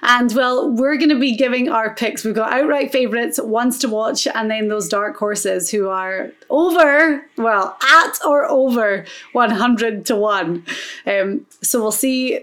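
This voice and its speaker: A woman's voice: fairly high pitch, measured pace, a bit bright. A woman co-hosting a podcast, chatting casually and asking long, rambling questions. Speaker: podcast co-host.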